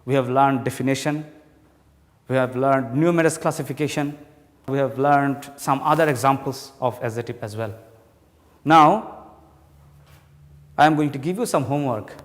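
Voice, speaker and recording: A male teacher giving a slow classroom lesson, explaining and repeating each point. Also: medium pitch, long reverb tail.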